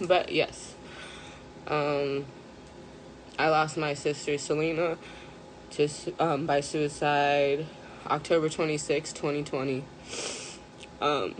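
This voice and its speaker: A woman speaking on a live stream, close to tears, hesitant and full of pauses and fillers. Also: deep voice, flat delivery, slight background noise. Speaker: mental health live streamer. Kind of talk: emotional live stream talk.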